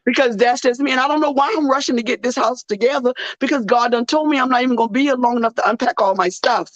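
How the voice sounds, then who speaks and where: A tired woman hosting a faith-based talk show, speaking emotionally and haltingly with many restarts, close to tears. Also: on the high side, no room sound, muffled recording. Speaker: radio show host.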